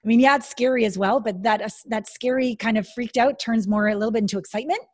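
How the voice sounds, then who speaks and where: A woman's voice: on the high side, quick pace, a little mellow. A woman hosting a casual conversation, talking with enthusiasm and acting out inner voices.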